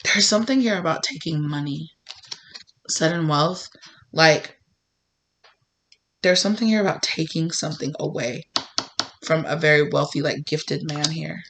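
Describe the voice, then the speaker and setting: A woman's voice: deep voice, a little slow, pauses often. Rambling woman doing a tarot reading. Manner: rambling, acts out imagined dialogue with gasps and hushed asides. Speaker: tarot reader. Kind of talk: casual tarot reading monologue.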